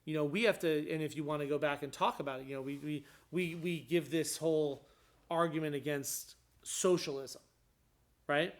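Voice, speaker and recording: A man's voice: a little high, fairly even intonation, moderate pace. A man talking casually in a conversation, explaining his views with frequent restarts and rising emphasis. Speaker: guest describing his court hearing.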